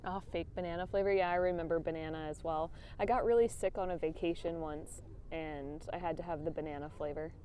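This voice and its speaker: A woman co-hosts a casual livestream outdoors, speaking into a clip-on mic. She talks in a relaxed way and drops curse words offhandedly, with a faint hiss in the background. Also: low voice, a little fast, few pauses. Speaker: livestream co-host. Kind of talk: casual chat. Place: outdoors, riding scooters. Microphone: wireless clip-on microphone.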